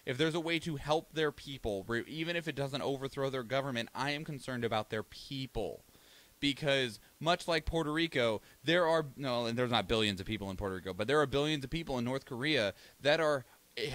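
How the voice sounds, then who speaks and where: A young American man hosts a podcast in a mid-range voice that's animated, slightly quick, and a bit bright, recorded dry. He talks casually and profanely, rambling through solo commentary and doing mock voices for different countries.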